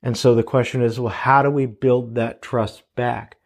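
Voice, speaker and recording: Man, 30s, mid-pitched, earnest parent talking through advice, storytelling tone. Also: little pitch movement, moderate pace, gravelly. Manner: earnest, storytelling with quoted dialogue. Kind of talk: casual advice talk.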